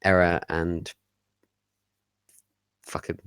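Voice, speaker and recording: A man with a very deep, smooth voice plays along at a tabletop game. He jumps in eagerly and jokes with the group. The sound is dry. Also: little pitch movement, extremely slow, a bit bright, no echo. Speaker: player.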